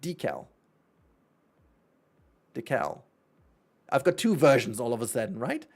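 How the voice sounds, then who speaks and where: A man's voice: mid-range voice, big pitch swings, normal speed. A man from Germany with a German accent, chatting casually and rambling on a gaming livestream, often correcting himself and laughing. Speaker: streamer.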